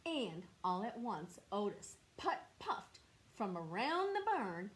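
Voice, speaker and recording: A woman teacher reading a picture book aloud to children, pausing to ask them to predict what happens next. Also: mid-range voice, big pitch swings. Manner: gentle, questioning, drops to whispers for kids.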